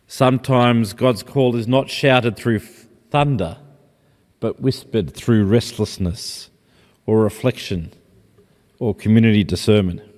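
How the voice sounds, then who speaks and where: Reflective male preacher in a reverberant church. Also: lowish voice. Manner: reflective, gentle, personal storytelling. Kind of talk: sermon.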